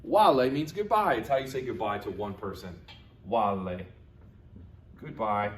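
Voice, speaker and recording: A man teaching a recorded video lesson for children, repeating each word slowly for learners. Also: lowish voice, a little hiss or hum. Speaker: Latin teacher.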